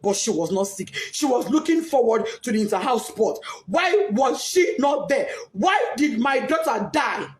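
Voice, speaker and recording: A grieving Nigerian mother giving a tearful, impassioned testimony, often breaking into shouts and sobs. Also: fairly high pitch, big pitch swings, moderate pace, hardly any pauses. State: crying, distraught. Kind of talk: emotional testimony.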